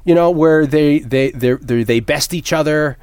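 A man's voice: on the high side, measured pace, darkish tone, clear, resonant tone, no room sound, studio quality. A man co-hosting a casual movie chat, rambling and profane, with many restarts. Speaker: podcast co-host.

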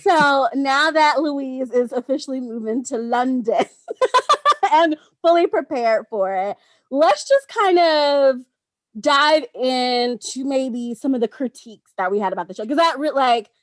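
High-voiced giggly woman podcast host. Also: expressive, a little slow, no room sound. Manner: giggly, laughs often between words. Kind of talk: casual chat reviewing a TV show.

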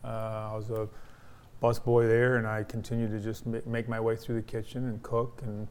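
A man in his sixties, a restaurant owner, explaining his menu and history in plain, steady casual chat. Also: on the low side, normal speed, clear, resonant tone.

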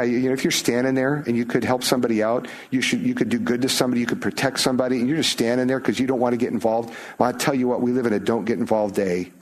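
A man, a pastor, giving a conversational sermon full of rhetorical questions and storytelling. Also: mid-range voice.

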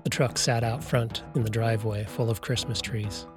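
A man narrating a story in a steady, even storytelling voice. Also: mid-range voice, normal speed, over music. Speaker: audiobook narrator. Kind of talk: scripted narration.

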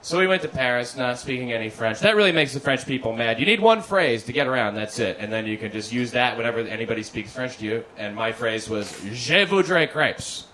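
A man doing a stand-up routine in a comedy club, deadpan and halting, stammering over his restarts. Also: mid-range voice, slight background noise, poor audio. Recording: live club recording with audience laughter. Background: audience laughter.

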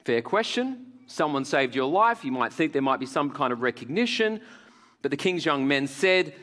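Animated, jokey male preacher in a hall. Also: a little high, moderate pace. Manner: animated, jokey, laughs often. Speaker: pastor. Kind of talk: sermon. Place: large hall with audience. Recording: long hall reverb.

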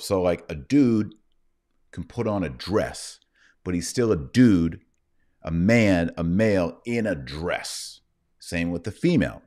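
A man's voice: sits low, darkish tone. A middle-aged man hosting a live online show, talking in a mocking, rambling way. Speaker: livestream host. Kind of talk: livestream commentary.

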